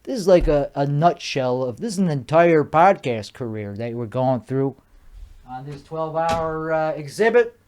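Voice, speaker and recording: A man's voice: on the high side, animated, normal speed, a little mellow, a little hiss or hum. A young man with a put-on Chicago accent hosting a solo comedy podcast, ranting in a rambling, profane, mock-bravado way. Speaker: podcast host.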